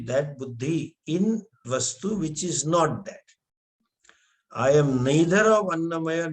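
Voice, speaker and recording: A man teaching scripture, explaining slowly with Sanskrit terms and frequent restarts. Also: mid-range voice. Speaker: spiritual teacher. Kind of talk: scripture lecture.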